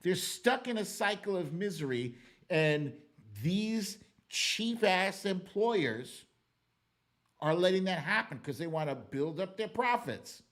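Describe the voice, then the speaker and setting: A man's voice: high voice, slow pace. An American man hosting a political livestream, ranting in a casual, profane way and reading viewer comments. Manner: animated, profane, ranting with loud outbursts. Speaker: livestream political show host.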